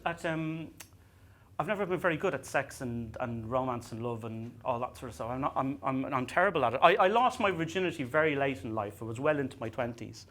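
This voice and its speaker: Male stand-up comic on stage mic, bright tone, lively swooping pitch, stumbling self-mocking delivery. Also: slight background noise. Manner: self-deprecating, stammering restarts, acts out dialogue. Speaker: stand-up comedian. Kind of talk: stand-up comedy set. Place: comedy venue stage.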